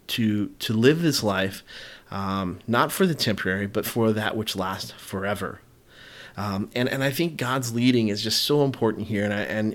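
A man pastor preaching a conversational sermon, often restarting his phrases and acting out biblical figures in casual voices. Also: lowish voice. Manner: conversational, many restarts and fillers.

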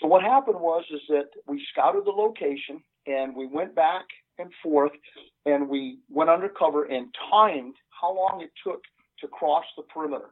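Older man on a tinny phone line. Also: on the high side. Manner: earnest, halting with many "uh" fillers. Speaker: retired police sergeant. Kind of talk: telling a story in an interview.

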